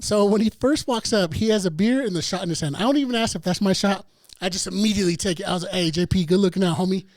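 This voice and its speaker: A man's voice: sits high, quick pace, dry recording. A man co-hosting a podcast, telling a long profane story in casual chat. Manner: profane, laid-back storyteller. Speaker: podcast co-host.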